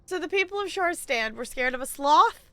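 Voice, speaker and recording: Bubbly high-voiced woman streamer. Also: lively intonation, normal speed, a bit bright, dry recording. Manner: bubbly and chatty, talks to chat. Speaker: game streamer. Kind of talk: live gameplay commentary.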